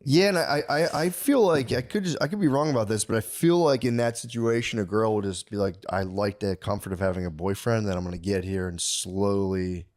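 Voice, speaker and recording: A man's voice: on the low side, a little fast, few pauses, darkish tone. A man in his thirties co-hosting a comedy podcast, telling stories in a rambling, casual way with plenty of fillers. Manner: rambling, filler-heavy storytelling. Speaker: podcast co-host.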